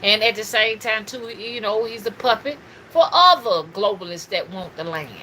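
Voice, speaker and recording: Lady going off on a livestream, bright sharp voice, a bit of hiss behind her. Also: medium pitch, moderate pace, rough recording. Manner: animated, preachy, addresses viewers as y'all. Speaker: spiritual reader and livestream host. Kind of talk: casual livestream talk.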